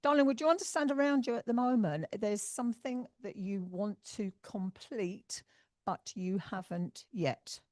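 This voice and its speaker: A woman's voice: medium pitch, normal speed, dry recording, clean studio sound. An English woman working as a spiritualist medium at a church service, chatty and affectionate, calling people darling and my lovely. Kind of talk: giving spirit messages at a service.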